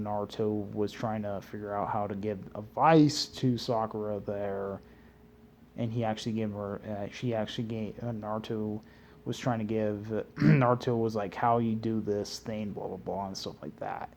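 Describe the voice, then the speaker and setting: Male reviewer, casual rambling recap, mellow low-ish voice, profane and meandering, keeps clearing his throat. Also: slight background noise. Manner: rambling, heavy swearing, frequent throat clearing; loose and meandering, restarts often. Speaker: anime reviewer.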